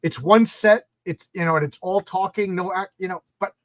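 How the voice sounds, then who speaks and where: A middle-aged man from New York reminisces and jokes as a guest in a casual chat, often stumbling over his first words. His voice sits high, and it is recorded close and dry. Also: moderate pace, fairly bright tone, no room sound. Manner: reminiscing, joking, repeats words when starting.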